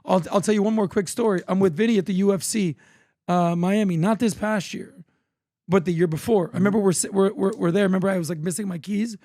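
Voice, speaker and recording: With a high-pitched, fast, slightly mellow voice, this Floridian man in his thirties co-hosts a podcast. He tells lively stories and performs the voices of people he quotes, and the studio-quality recording has no echo.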